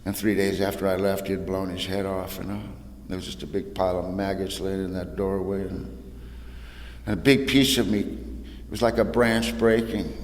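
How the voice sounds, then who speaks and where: A man with a low voice tells his recovery story to an AA meeting in a folksy, plainspoken way. His voice rings through a large echoing hall, with a faint hum of room noise behind it. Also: little pitch movement, normal speed. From California. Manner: folksy storytelling, says "man" and "you know". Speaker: AA speaker. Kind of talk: personal recovery talk.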